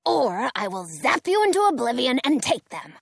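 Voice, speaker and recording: A menacing one-eyed witch snaps out threats in a storybook reading, as a woman puts her on. Her high, swooping voice sits close and dry. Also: big pitch swings, normal speed, creaky, slightly rough, dry recording, exaggerated voice. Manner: snapping, threatening.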